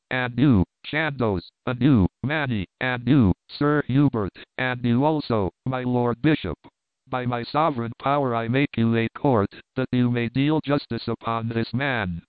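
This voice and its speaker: A man's voice: medium pitch, clean tone, dry recording, close to an everyday voice. Angry medieval king, commanding and accusing, read by a man, dry, narrow-band audio. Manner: stern, accusing.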